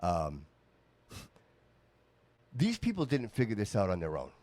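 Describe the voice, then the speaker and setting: A man's voice: lowish voice, measured pace, no echo. A man hosting a casual political talk podcast, speaking emphatically and calling people "dude". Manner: animated, emphatic, says "dude" often. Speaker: podcast host.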